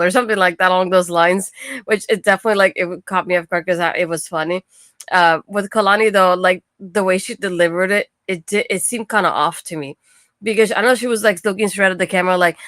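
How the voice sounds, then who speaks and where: A woman's voice: mid-range voice, steady tone, fast, a bit bright. A woman hosts a casual wrestling recap in a chatty, laughing manner. Her voice sits in a middle range and sounds dry and close, with no room echo. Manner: chatty, laughing, many fillers. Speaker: podcast host.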